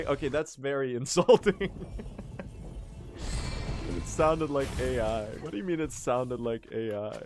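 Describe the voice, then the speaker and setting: A man's voice: mid-range voice, expressive, unhurried, long pauses, music in the background. A young man chatting casually on a speedrun stream, self-mocking and laughing often. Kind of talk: casual live-stream chat.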